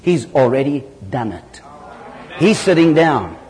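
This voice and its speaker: A man from southern Africa preaching a sermon, telling stories with lively jumps in pitch. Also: a little slow. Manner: animated storytelling with sudden loud jumps in pitch. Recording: hall reverb.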